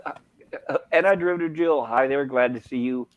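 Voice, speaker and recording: A man's voice: medium pitch, normal speed, no echo, lo-fi sound. A man reading out viewer chat on a casual stream, friendly and chatty.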